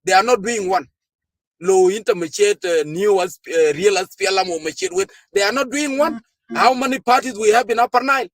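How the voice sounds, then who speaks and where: A man's voice: sits high, brisk, no room sound. A man from Sudan, a party official giving an impassioned political speech to a gathering, firing off rhetorical questions with frequent hesitations. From South Sudan.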